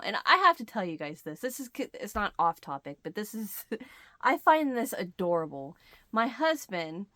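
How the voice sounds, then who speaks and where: A woman's voice: medium pitch, a bit bright, no room sound. A middle-aged woman hosting a crochet channel, chatting to the camera and telling a story, acting out the quoted lines. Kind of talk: casual chat to camera.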